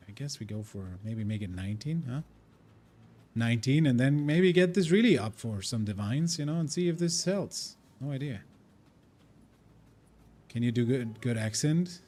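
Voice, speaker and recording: A man's voice: mid-range voice, animated, moderate pace, a little mellow. A man chatting casually with his live-stream viewers while he plays, rambling and thinking aloud. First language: German. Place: living in India.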